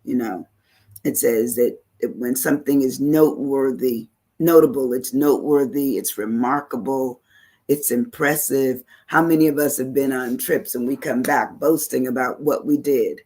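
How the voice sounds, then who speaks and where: A woman's voice: very deep voice, moderate pace, a little mellow, husky. A woman hosting an online talk show, chatting casually and reflectively as she reads viewer comments aloud, with many "you know" asides.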